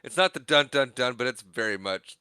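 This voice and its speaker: A man's voice: medium pitch, a little fast, smooth, no echo, studio quality. A man co-hosting a casual movie podcast, retelling scenes and acting out lines in playful voices. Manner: animated, acts out movie lines in silly voices. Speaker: podcast co-host.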